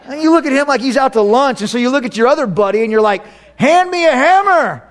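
Animated high-voiced male preacher. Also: rapid-fire. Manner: animated, acts out voices and sarcasm. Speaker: pastor. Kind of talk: sermon.

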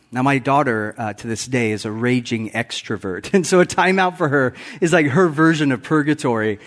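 A man's voice: mid-range voice, lively intonation, fairly quick, hardly any pauses. A man in his forties, a guest pastor giving a conversational sermon with self-deprecating humor, often chuckling at his own stories. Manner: acts out quotes with raised voice. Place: church sanctuary.

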